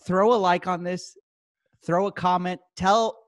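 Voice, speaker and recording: A young man hosting a comedic podcast chat, talking fast and joking. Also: sits high, fairly even intonation, no room sound, studio quality. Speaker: podcast host.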